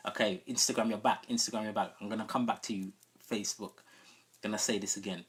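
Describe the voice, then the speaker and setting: A man's voice: lowish voice, steady tone, quick pace, slightly rough. A man who hosts a live stream, telling a long story in a casual way and often asking listeners whether they follow him. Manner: conversational, often checking in with listeners. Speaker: sound system host.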